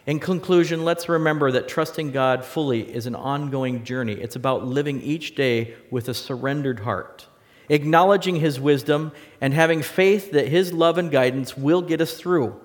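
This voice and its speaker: A man delivers an earnest sermon in a mid-range voice, lifting his tone for emphasis and dropping quiet at the ends of thoughts. His voice rings with the long reverb of a large hall. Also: medium pitch, moderate pace. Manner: earnest, rises in emphasis and drops soft. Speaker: preacher. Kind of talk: sermon with closing prayer.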